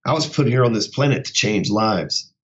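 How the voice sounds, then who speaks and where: A man's voice: on the low side, lively intonation, moderate pace. A man talking off the cuff in his office, blunt, profane and swaggering. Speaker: host of his own show. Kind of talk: casual unscripted monologue. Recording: dull muffled sound.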